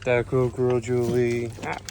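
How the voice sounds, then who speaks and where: A man's voice: mid-range voice, monotone, a little slow, a little mellow, a little hiss or hum. A man who keeps an animal sanctuary, chatting casually to his birds and pigs outdoors, coaxing and scolding them in a playful baby-talk way, recorded on a handheld phone. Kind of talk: casual vlog talking to animals. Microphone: phone held in hand.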